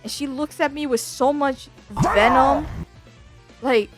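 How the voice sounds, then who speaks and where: A woman's voice: high voice, takes it slowly, faint music behind. A woman VTuber telling a story in a casual, slangy rant, swearing freely. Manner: animated, slangy, swears a lot.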